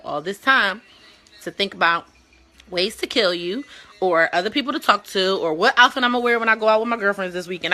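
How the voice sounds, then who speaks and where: A woman co-hosting a talk show, chatting casually in a blunt, profane and animated way. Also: mid-range voice. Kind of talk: casual chat.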